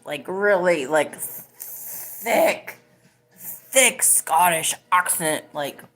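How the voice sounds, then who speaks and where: Speaking very slowly and expressively in a fairly low, slightly bright voice, a woman rambles through casual live podcast chat, peppering it with many "like"s. Faint music plays in the background.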